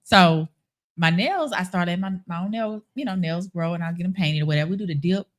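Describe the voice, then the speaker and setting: A woman chatting casually on a live stream, telling a story in a playful, animated way. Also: lowish voice, a little fast. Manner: animated, playful, acts out quoted voices. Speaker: show guest. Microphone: live stream call.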